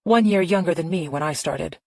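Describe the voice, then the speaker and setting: A woman's voice: fairly low pitch, brisk, vocal fry, mellow, dry recording. A woman voicing a cold, blunt wealthy older woman who speaks in short, clipped phrases in an audiobook. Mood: curt.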